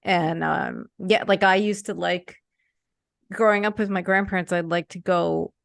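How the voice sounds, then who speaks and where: A woman's voice: lowish voice, steady tone, a little slow, gravelly, no room sound. A woman in her thirties chatting casually as a podcast co-host, rambling with lots of filler words. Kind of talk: casual conversational chat.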